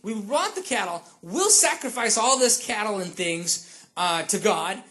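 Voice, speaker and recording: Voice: medium pitch, animated, a little slow, pushed and bright. A preacher voicing an ancient king who brushes off orders with casual, self-justifying excuses. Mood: offhand. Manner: offhand, dismissive excuses.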